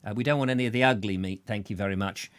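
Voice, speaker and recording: A man's voice: fairly low pitch, rapid-fire, no echo, clean studio sound. A man hosting a live chat show, greeting viewers by name in a rambling, jokey way full of silly asides. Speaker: show host.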